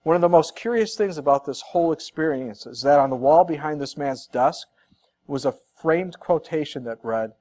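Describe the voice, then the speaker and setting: A man's voice: fairly high pitch, lively intonation, moderate pace, darkish tone. A man preaching a sermon as pastor, earnest and conversational, repeating points for emphasis with casual asides.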